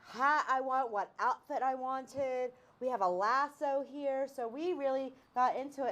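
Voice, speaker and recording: A woman's voice: a little high, fairly bright tone. A woman co-hosting a trivia game in a chatty, casual way with frequent fillers. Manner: chatty, laughing, with many fillers. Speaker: trivia co-host.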